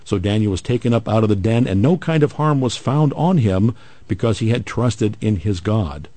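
A man hosting a radio show, reading scripture aloud in a measured way and adding playful asides. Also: fairly low pitch, lively intonation, dark tone, dry recording.

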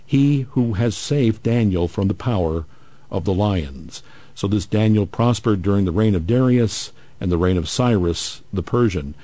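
A man hosting a radio show, reading scripture aloud in a measured way and adding playful asides. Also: fairly low pitch, warm tone, dry recording.

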